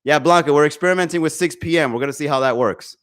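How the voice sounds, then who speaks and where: Animated, profane comedy podcast host. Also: male voice, on the high side, quick pace. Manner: profane, animated, talks to chat viewers. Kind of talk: live-streamed comedy podcast rant. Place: home. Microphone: desk microphone.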